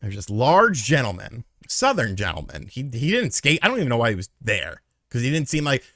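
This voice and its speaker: A man's voice: mid-range voice, wildly swooping pitch, a little fast, a bit bright, dry recording, clean studio sound. A man in his thirties telling a story in a casual, rambling, profane way.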